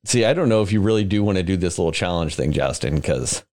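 A man's voice: low-pitched, fast. A man co-hosting a podcast, talking casually and profanely, mocking himself about the films he loves. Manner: profane, self-mocking, animated. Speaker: podcast co-host. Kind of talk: casual chat.

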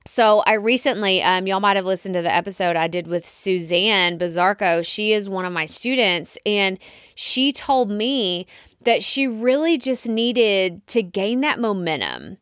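Woman, Texas accent, solo podcast host, encouraging and conversational, middle pitch, dry studio sound. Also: animated, unhurried, fairly bright tone, clean tone, no room sound. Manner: chatty and encouraging, acts out listeners' doubts. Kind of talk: solo podcast coaching talk.

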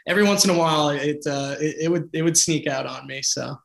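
Political candidate, male, from the Boston area; earnest, passionate delivery with restarts, slightly high voice, reverberant room. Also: quick pace, gravelly, fairly bright tone. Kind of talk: conversational interview.

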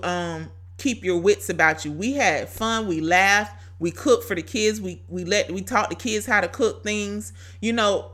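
A woman's voice: mid-range voice, pushed and bright. A woman, sharing a testimony on a faith podcast in an emphatic, preachy way. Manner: emphatic, preachy, addresses listeners as y'all. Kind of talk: faith-based podcast talk.

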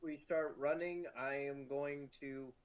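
A man plays a tabletop game and states his character's actions slowly and deliberately. His voice sits a little high, and his recording sounds dull and lo-fi. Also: steady tone, clean tone. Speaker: player. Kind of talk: casual tabletop game play.

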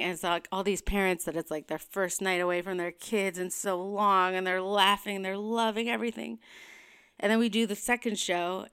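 A woman's voice: medium pitch, fairly bright tone, clear, resonant tone. A young woman comedian telling a personal story in a vlog, rambling and candid, with many fillers. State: tearful, emotional near the end.

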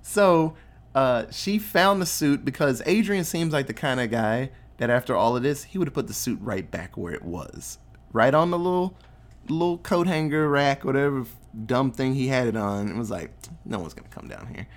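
A man's voice: medium pitch, moderate pace. A man casually recapping a movie plot, acting out the characters' lines and swearing freely. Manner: animated storyteller acting out quotes, swears freely.

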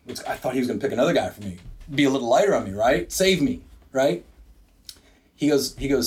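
A man's voice: medium pitch, quick pace. A man in his sixties tells a story as a guest on a studio podcast. He speaks with energy, jumps into the voices of the people in the story, and often restarts his sentences. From Wisconsin. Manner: energetic, acts out quotes, frequent restarts. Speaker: business owner guest. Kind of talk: animated storytelling in a podcast interview.

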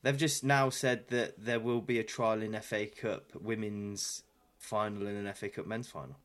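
A man co-hosting a casual podcast chat, telling animated stories, acting out quoted voices and swearing freely. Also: lowish voice, moderate pace. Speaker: podcast co-host.

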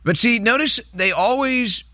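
Male talk radio host, high sharp voice, indignant and mocking, dry close sound. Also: a little slow, no echo.

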